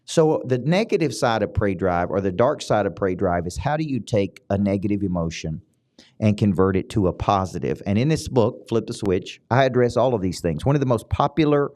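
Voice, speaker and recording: A middle-aged Southern US man hosts a motivational podcast as a business coach, speaking emphatically, repeating himself, and jumping suddenly upward in pitch. His delivery is animated and fairly quick, with a slightly mellow quality.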